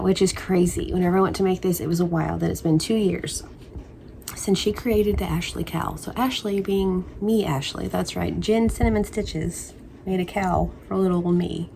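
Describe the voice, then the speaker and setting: A woman's voice: on the low side, normal speed, gravelly, mellow, slight background noise. A woman crochet vlogger chatting casually at home, rambling and playful with spooky asides. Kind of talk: casual chat.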